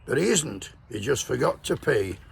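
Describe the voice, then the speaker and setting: A man doing a mocking impression of a male Scottish politician, in a put-on Scottish accent with a gravelly, husky voice. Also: mid-range voice, animated, normal speed, exaggerated voice.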